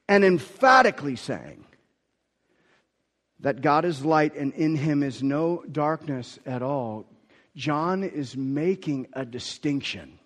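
A man preaching a sermon as pastor, emphatic, his force swelling and then dropping low. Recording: long hall reverb.

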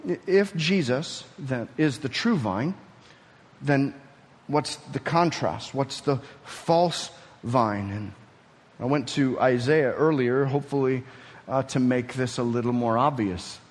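A man's voice: mid-range voice, slow pace. A man preaching a sermon, teaching through a passage and building to emphatic peaks. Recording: reverberant hall.

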